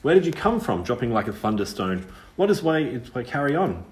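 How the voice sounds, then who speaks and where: A man's voice: mid-range voice, big pitch swings, brisk, roomy sound, voice pushed up, lightly acted. A man voicing a pert, wary young witch girl's ghost who speaks in a rustic country dialect. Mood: soothing, brisk.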